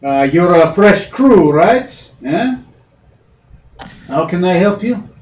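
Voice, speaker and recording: A woman's voice: on the low side, animated, slow, darkish tone. A man voicing a stout, brusque human woman in her thirties who runs a tavern, barking greetings and rattling off what she offers. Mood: gruff. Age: 30s. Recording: echoey room, far from mic, faint hiss.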